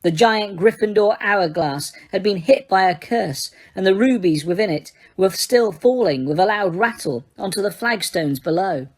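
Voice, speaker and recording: A woman reading a fantasy novel aloud as an audiobook, in steady, dramatic storytelling. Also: medium pitch, moderate pace, few pauses. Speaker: audiobook reader. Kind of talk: audiobook narration.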